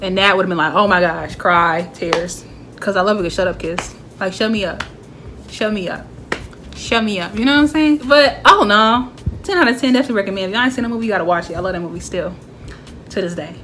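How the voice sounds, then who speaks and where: A woman's voice: mid-range voice, quick pace, fairly bright tone, a little hiss or hum. A young woman chatting casually as she reviews a favorite movie, talking animatedly and acting out bits of dialogue.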